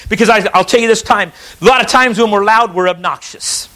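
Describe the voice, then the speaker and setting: A man's voice: high voice, fairly quick, pushed and bright, rough recording. A man preaching a sermon in church, reading scripture aloud and pressing his points with emphatic restarts. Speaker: pastor.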